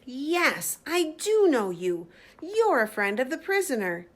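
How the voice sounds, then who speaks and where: A nosy young maid in a storybook, high-voiced and insistent, hurls her accusations sharply, as a woman puts her on. Her lines come out raised and loud. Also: expressive, slow, full character voice. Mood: accusing.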